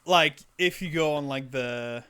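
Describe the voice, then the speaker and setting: A man's voice: a little high, measured pace, bright, forceful tone, smooth. A young man from Quebec co-hosting a casual movie podcast, rambling with many fillers and restarts. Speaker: podcast co-host. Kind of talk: casual chat.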